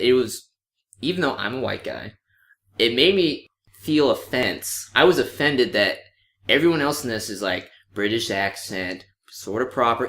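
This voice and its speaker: A man co-hosting a podcast, chatting casually about a movie, animated and swearing freely. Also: medium pitch, roomy sound. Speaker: podcast co-host. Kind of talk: casual movie review chat.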